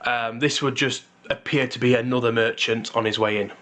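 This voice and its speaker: A man running a tabletop role-playing game with a mid-pitched voice. He narrates loosely, with fillers and wry asides. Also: a little fast. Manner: relaxed, full of fillers and restarts, wry asides. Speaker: game master.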